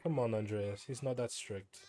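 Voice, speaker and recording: A man's voice: fairly low pitch, steady tone, moderate pace, dark tone, natural voice. A man reading aloud the lines of a friendly, chatty village printer from a story game. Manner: reads game dialogue aloud in a plain voice.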